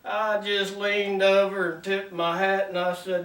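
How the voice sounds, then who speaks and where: Slow, folksy comic host. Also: male voice, sits high, little pitch movement, fairly bright tone. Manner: drawling, wry, folksy. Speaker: comedy show host. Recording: roomy sound from a distant mic.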